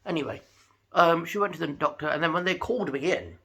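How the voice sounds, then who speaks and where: Male vlogger, gravelly and forceful tone, slightly high pitch, chatty storyteller. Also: fast talker. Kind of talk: casual talking-to-camera vlog.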